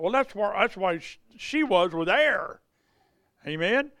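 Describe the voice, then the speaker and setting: Halting, high-voiced male preacher telling a story. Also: expressive, fairly bright tone, dry recording. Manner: halting, many fillers and restarts. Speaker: evangelist preacher. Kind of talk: testimony storytelling in a sermon.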